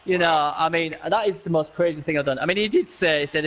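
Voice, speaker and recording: Male co-commentator for a game match, high voice, excitable, laughs a lot, repeats himself. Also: fast, few pauses, a little hiss or hum.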